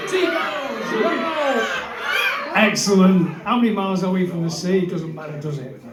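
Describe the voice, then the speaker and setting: High-voiced stage storyteller. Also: male voice, fast, very noisy. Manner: theatrical, bellowing asides and crowd address. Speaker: comic singer and storyteller on stage. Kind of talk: live comedy storytelling with audience participation. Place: live gig in an indoor brewery venue. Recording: roomy live venue sound.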